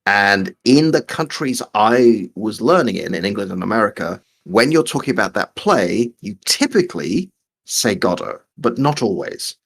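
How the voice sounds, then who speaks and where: A man's voice: lowish voice, sing-song, normal speed, creaky, fairly bright tone, breathy edge. A man co-hosting a casual live stream, reading out viewer questions and joking as he rambles over a call.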